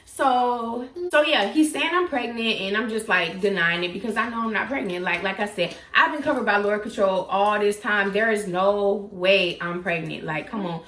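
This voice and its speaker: A young woman tells a personal story in a casual, animated vlog, acting out quotes with sudden leaps in pitch. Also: moderate pace, few pauses, reverberant. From South Florida. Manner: animated, dramatic retelling with acted-out quotes and sudden pitch jumps. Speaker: YouTuber telling a story.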